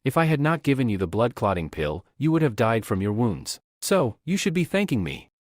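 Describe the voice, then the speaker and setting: A man voicing a bold, self-assured young alchemist hero who speaks briskly and confidently. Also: medium pitch, sing-song, darkish tone, no echo, clean studio sound.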